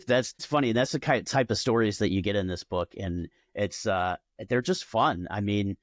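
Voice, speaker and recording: Low-ish guy hosting a podcast interview, friendly, laughs a lot, dry close mic. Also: normal speed, no echo. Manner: friendly, affirming, laughs easily. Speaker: podcast host. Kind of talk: casual interview.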